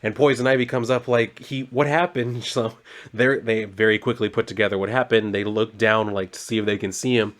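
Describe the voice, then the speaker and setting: A man's voice: fairly low pitch, steady tone, a little fast, fairly bright tone. A man casually recapping a comic book story, rambling loosely with lots of fillers and some mild swearing.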